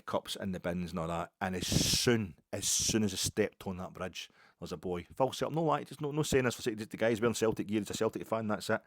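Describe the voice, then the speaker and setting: With a low-pitched voice and no room sound, this Scottish podcast host spins a casual, meandering story that pokes fun at himself. Swearing runs all through it.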